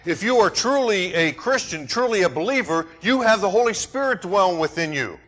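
A pastor preaching a sermon, dramatic and rhetorical, who acts out other people's words. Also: male voice, sits high, lively intonation, fairly quick, fairly bright tone, soft background music. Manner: dramatic, rhetorical, mimics voices.

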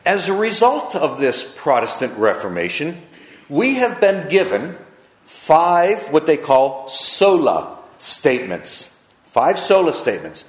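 A man preaching a sermon, slowing down to stress key phrases. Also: on the high side, big pitch swings, echoey room.

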